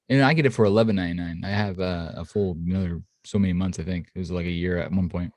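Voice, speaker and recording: A man co-hosting a podcast in casual chat, animated and profane, often laughing. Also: quick pace, no room sound. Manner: animated, swears, laughs often, mimics people in high voices. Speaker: podcast co-host.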